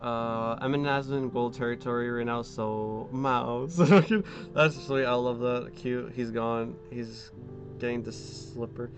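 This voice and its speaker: A man's voice: mid-range voice, fairly even intonation, slow pace, soft background music. A man streaming from home, chatting casually while he glues a model kit, rambling and swearing often with lots of fillers.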